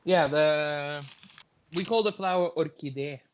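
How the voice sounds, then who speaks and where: A man's voice: fairly high pitch, unhurried, dull audio, slight background noise. A man from Norway with a Norwegian accent, co-hosting a casual podcast with sarcastic, crude banter. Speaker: podcast co-host.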